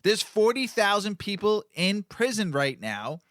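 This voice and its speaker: A fired-up man hosts a casual podcast chat, swearing as he rants. His pitch sits a little high and swings widely up and down. The sound is dry and close on the mic. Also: big pitch swings, a little slow, fairly bright tone, no room sound. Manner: fired up, ranting, swears freely. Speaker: podcast host.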